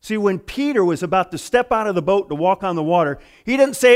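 A man's voice: high-pitched, animated, a little fast, few pauses, smooth. A male pastor giving a conversational sermon, telling stories and acting out the voices of people in them. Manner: storytelling, acting out quoted voices.

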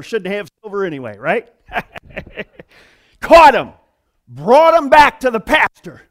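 High-voiced man preaching animatedly. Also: measured pace. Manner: animated and conversational, with emphatic asides and laughs. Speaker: pastor. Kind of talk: preaching a sermon to a congregation.

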